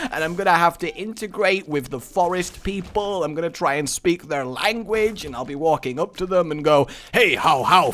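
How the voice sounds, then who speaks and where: A man with a somewhat high voice rambling through a gameplay commentary, goofy and playful. He drifts into silly tangents and breaks out into loud, exasperated shouts. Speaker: gaming commentator. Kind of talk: playing a game with commentary.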